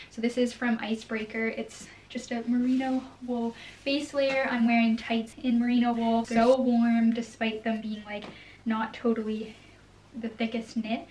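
A young woman with a fairly high voice talks chattily to camera, cheerful and quick to laugh. She sounds a step away from the mic, with a faint hiss behind her. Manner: upbeat and chatty, with frequent laughs. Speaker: fashion vlogger. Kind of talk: casual chat to camera, trying on clothes. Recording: distant mic with faint background noise.

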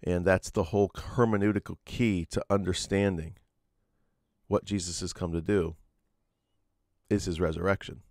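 A man's voice: deep voice, fairly even intonation, normal speed, pauses often, darkish tone, no echo, studio quality. A man preaching a sermon, earnest and explanatory, often restarting his sentences with fillers. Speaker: pastor.

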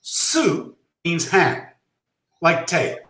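A man and karate master telling an anecdote, lively and acting out dialogue, dropping Japanese terms into his speech. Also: fairly high pitch, very slow, echoey room, low-quality recording. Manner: animated, acts out remembered dialogue. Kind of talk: anecdotal storytelling.

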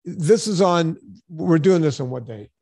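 A man hosting a podcast, telling stories in an animated, sarcastic way during casual chat. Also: fairly high pitch, a little slow, gravelly, slightly rough, dry recording, clean studio sound. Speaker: podcast host.

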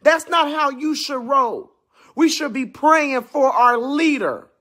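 A man ranting angrily in a video clip, shouting and swearing as he speaks. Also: extremely high pitch, slow pace. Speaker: Trump supporter in a played clip. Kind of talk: angry rant.

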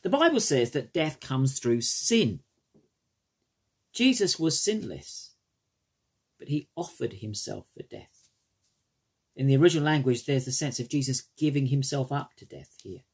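Husky man preaching a sermon. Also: unhurried, long pauses. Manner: expressive preaching with wide pitch swings, dropping soft at phrase ends.

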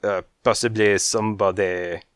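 A man reading an audiobook and voicing a courtly male French cat with a French accent, slow, elegant and persuasive. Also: lowish voice, fairly even intonation, clean tone, no echo, studio quality, lightly acted. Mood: smooth, persuasive. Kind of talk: audiobook character voice.

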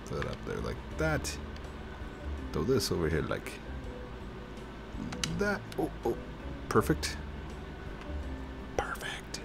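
A man's voice: low-pitched, huge pitch swings, slow, creaky, pauses often, music in the background. A man hosting a gameplay video, chatting casually while he plays, teasing his guest and laughing often. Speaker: gaming video host.

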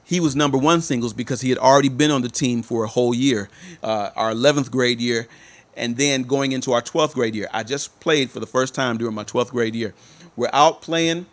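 A man telling a personal story to his viewers, speaking emphatically and repeating that he is telling the truth. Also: mid-range voice. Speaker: motivational speaker.

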